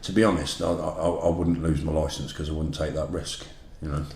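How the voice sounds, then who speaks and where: A man's voice: very deep voice, level tone, fairly quick, vocal fry, darkish tone, echoey room. A man, a first-time podcast guest, easygoing and laughing often. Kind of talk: casual chat.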